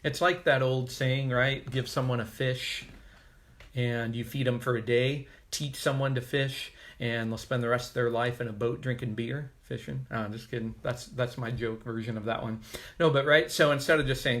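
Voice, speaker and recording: A man's voice: medium pitch, steady tone, normal speed, fairly bright tone. A male pastor giving a casual, conversational devotional sermon with joking asides.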